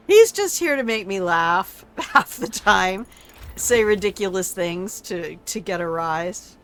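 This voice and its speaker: An older woman gaming streamer with a mid-range voice offers casual gameplay commentary, swearing and teasing her chat in a salty way. Slight background noise can be heard.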